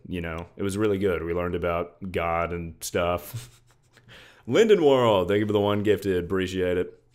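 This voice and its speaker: A young man streaming from his room at home, loud and jokey, thanking viewers by name in casual chat. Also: deep voice.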